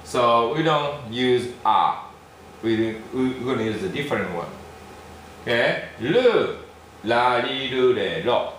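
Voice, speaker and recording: Slow-spoken teacher in a very echoey room. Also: male voice, mid-range voice, expressive, a bit bright. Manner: slow, repeats syllables, checks in with "okay?". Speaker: Japanese language teacher. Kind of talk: classroom lesson. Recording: very echoey room with faint noise.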